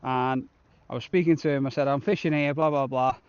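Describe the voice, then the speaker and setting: A man's voice: medium pitch, fairly even intonation, fairly quick, clean tone, highs cut off. A man vlogging a shore fishing trip outdoors on a beach, chatting casually and upbeat to the camera. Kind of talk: casual outdoor vlog narration.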